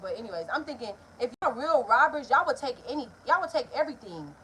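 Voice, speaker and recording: A young woman, telling a story in a casual vlog, animated and profane. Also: sits high, quick pace, a little hiss or hum. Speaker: vlogger.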